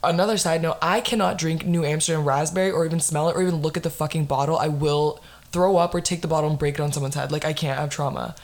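Young woman telling a lively, swearing story. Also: sits low, fast, few pauses. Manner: animated storytelling, lots of swearing and fillers. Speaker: podcast host. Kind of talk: casual podcast chat.

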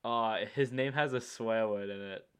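A man's voice: fairly low pitch, unhurried, smooth. A young man chatting casually as co-host, laid-back and hesitant with lots of fillers. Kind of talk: casual chat.

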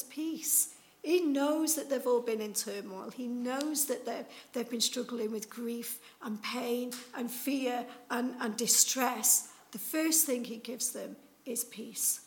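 A woman's voice: a little high, gravelly, low-quality recording. A woman preaching an Easter sermon in a chatty, conversational way, acting out the people in the story as she tells it. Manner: casual, chatty with fillers like "like" and "you know".

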